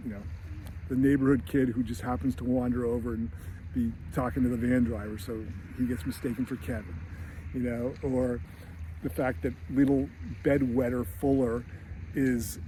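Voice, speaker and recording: A man who hosts a screenwriting channel, recapping a movie in an animated, casual way. He laughs often and acts out lines as he goes. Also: mid-range voice, slight background noise. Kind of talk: casual film recap and commentary.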